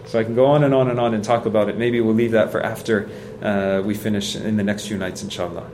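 A man's voice: lowish voice, steady tone, fast, background noise. A man giving a sermon in a conversational, earnest way, telling stories with acted quotes and repeating points for emphasis. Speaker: preacher.

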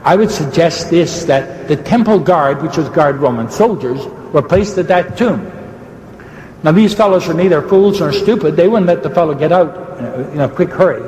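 A man preaching a sermon in a debate, fervent and fast-talking, swooping up high for emphasis and restarting mid-sentence. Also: lively intonation, a little mellow, roomy sound, long reverb tail, low-quality recording.

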